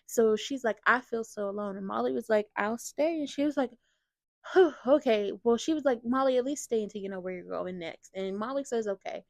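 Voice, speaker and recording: Sassy, animated woman recapping a soap. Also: fairly high pitch, fast, few pauses, no room sound. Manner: sassy, animated, slangy storytelling; acts out characters' lines in quotes. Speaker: soap opera recap host. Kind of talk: casual commentary recap.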